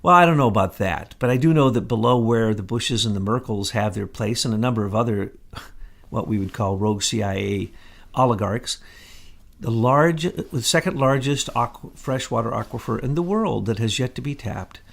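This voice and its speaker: A gravelly-voiced man co-hosts a political talk show, making sweeping claims with total confidence. His pitch sits mid-range, with plenty of vocal fry. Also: moderate pace. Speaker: co-host.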